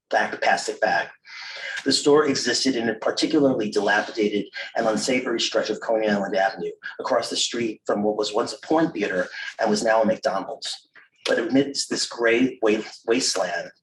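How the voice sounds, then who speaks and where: A man reading his own memoir aloud at a live literary event, measured and wry, with self-amused asides. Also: lowish voice, a bit bright, slight background noise. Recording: roomy, distant mic at a live reading.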